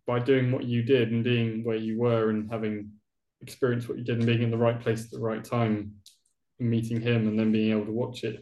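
A man of middle pitch talks with eager enthusiasm, stringing his thoughts into long, run-on sentences. His voice carries a clear echo from the room around him. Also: a little mellow. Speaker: podcast host. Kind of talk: casual conversation. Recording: roomy echo.

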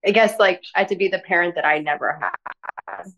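A woman speaks as a guest on a podcast, her voice sitting a little low. Her talk is gentle and soft-spoken but rambling, packed with "like" and "you know" as she works through her thoughts. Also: brisk, dull audio. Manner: rambling, filler-heavy with frequent "like". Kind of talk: casual interview conversation.

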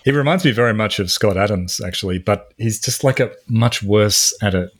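Man, blunt dry remarks, lowish voice, casual podcast chat, dry close sound. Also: a little fast, dry recording.

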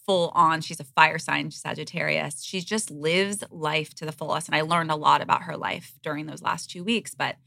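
Frank, creaky, bright-voiced woman. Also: deep voice, fairly even intonation, normal speed, hardly any pauses, dry recording. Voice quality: frank, earnest. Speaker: podcast guest. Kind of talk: candid conversational interview.

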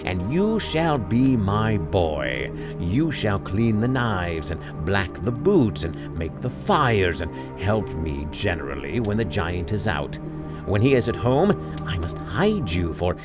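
A man voicing a frightful one-eyed giantess who is weary, overworked and bossy, speaking slowly and emphatically in a storybook reading. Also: on the low side, very animated, over music. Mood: grumbling, menacing.

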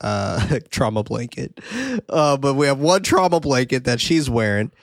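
A man hosting a podcast, recapping a horror film in a casual, profane, animated way. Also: mid-range voice, unhurried, creaky, no echo, studio quality. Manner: animated, profane, laughing often. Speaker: podcast host.

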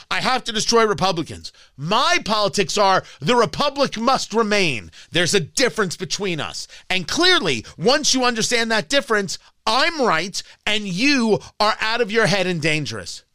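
A man's voice: high-pitched, pushed and bright, no room sound. A man hosting a political talk show, ranting in a combative, scornful opinion monologue.

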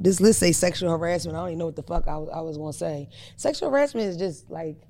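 A woman's voice: lowish voice, vocal fry, a little mellow. A woman comedian hosting a podcast, chatting casually with blunt, profane storytelling.

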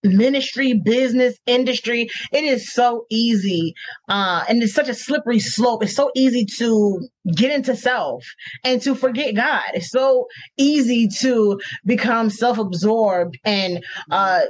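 Effusive and gushing, a female podcast host chats casually with her interview guest. She speaks in a fairly high voice at an unhurried pace, on muffled lo-fi audio.

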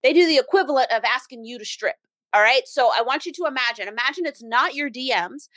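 A woman hosts a business podcast in a casual, animated solo talk, mimicking other people as she tells stories. Her voice sits a little high. The sound is dry and close. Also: fast, no room sound. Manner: animated, acts out quoted voices with big pitch jumps. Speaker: podcast host and brand strategist.

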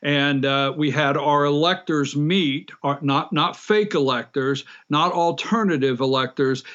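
A man's voice: fairly high pitch, a bit bright, highs cut off. A man from Georgia, a party official, speaking as a guest on a political talk show, fervent and often restarting his words.

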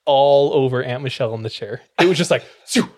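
A man's voice: medium pitch, a little fast, a little mellow, a little hiss or hum. Laughing, swearing young man telling a story. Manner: laughs often while telling; swears freely. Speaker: podcast host. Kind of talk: casual storytelling.

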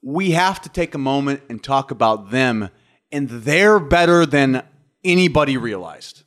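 A man, a former football player, explaining his views as a guest on a sports podcast in a measured way. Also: mid-range voice, lively intonation, a bit bright. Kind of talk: casual sports talk.

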